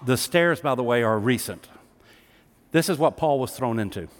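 Preaching to a congregation at a normal speed, a pastor uses an expressive, mid-range voice and an emphatic, conversational style. It is a live sermon recording with a long hall reverb.

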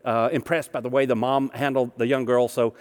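A man's voice: mid-range voice, flat delivery, a little fast, darkish tone. Man preaching with long hall reverb. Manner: storytelling, conversational with humor. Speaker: minister. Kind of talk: sermon.

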